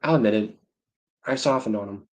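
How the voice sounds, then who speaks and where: Hosting a livestream, a man in his thirties chats casually and rambles, breaking off partway through sentences and laughing to himself over his own anecdotes. He talks briskly in a lowish, somewhat dark voice.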